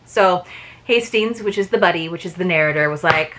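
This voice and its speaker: A woman's voice: lowish voice, fairly quick, fairly bright tone. A woman reviewing a book subscription box, chatting casually with lots of fillers and reading passages aloud.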